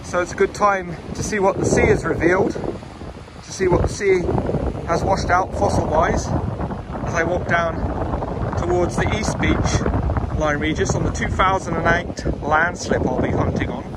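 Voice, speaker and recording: A man giving a relaxed, explanatory walking commentary while fossil hunting outdoors on a beach. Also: sits high, unhurried. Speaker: fossil hunter vlogger. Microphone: camera mic, wind noise. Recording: wind noise on an outdoor mic.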